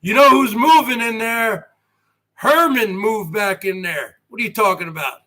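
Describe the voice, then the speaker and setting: A man's voice: high voice, moderate pace, bright, forceful tone. A man hosting his own live stream, rambling and boasting in a wrestling-promo style and firing off rhetorical questions at his viewers.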